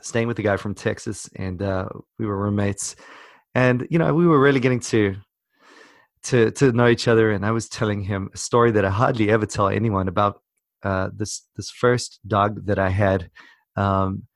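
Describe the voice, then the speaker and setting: A man's voice: on the low side, steady tone, normal speed, dry recording, clean studio sound. A South African man telling a long story in casual chat on a video call, rambling with many restarts. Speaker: podcast co-host.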